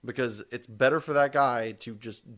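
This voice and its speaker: A man's voice: medium pitch, moderate pace, fairly bright tone. A man co-hosting a podcast in casual chat, rambling and correcting himself as he goes, with the odd casual swear. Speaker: podcast co-host.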